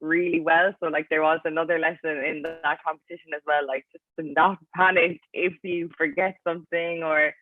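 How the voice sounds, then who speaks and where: The speaker is a chatty Irish woman in her twenties, an athlete guest in a casual interview, with a deep voice, level tone and normal speed. She fills her talk with "like" in nearly every phrase, and the tinny, dry, phone-like line carries a little hiss or hum.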